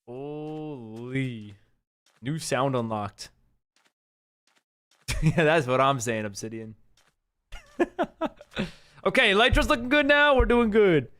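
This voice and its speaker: Lively-voiced man teasing on a stream. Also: a little high, slow pace, pauses often, clear, resonant tone. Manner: laughs often, playful teasing. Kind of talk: casual gaming stream chat.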